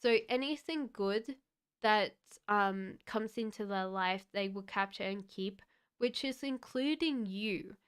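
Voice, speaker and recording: Woman tarot reader on a live stream, gentle and halting, unhurried delivery, very clean clear voice. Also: mid-range voice. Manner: gentle, halting, many fillers. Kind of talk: live-streamed card reading.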